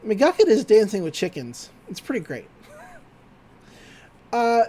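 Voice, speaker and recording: A podcast host recaps a cartoon episode in casual chat. The voice sits in a middle register but swings widely in pitch as the host tells the story. The telling is animated and full of laughter, with quick character voices along the way. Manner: animated retelling, often laughing.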